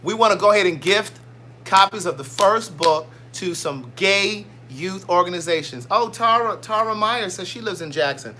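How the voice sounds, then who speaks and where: Chatty man with a bright high voice. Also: animated, moderate pace, slight background noise. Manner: chatty, reads out viewer comments, playful. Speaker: livestream host. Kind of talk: casual livestream chat.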